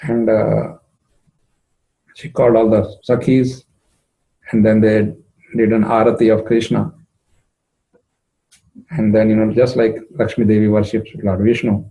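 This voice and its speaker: A man's voice: level tone, measured pace, pauses often, dark tone, rough recording. Emotive male devotional storyteller. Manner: emotive, rising in pitch at moving moments, frequent fillers. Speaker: spiritual storyteller.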